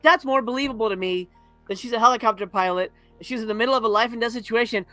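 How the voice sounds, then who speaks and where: Over soft background music, a man with an extremely high, sharp voice talks quickly as a podcast panelist in a casual movie review chat. He's crude, sarcastic and rambling, and laughs often.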